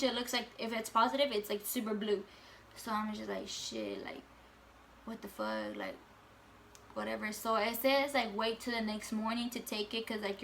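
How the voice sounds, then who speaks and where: A woman's voice: fairly high pitch, gravelly, a bit bright, a little hiss or hum. A young woman vlogger telling a casual storytime, full of fillers and swearing.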